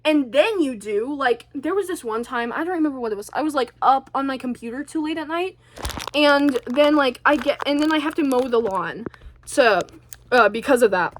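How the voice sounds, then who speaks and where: A woman's voice: high voice, lively intonation, a little fast. A woman vlogger talking in a chatty, rambling way, with a stutter and many restarts. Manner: chatty, rambling, self-deprecating. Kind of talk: casual rambling monologue.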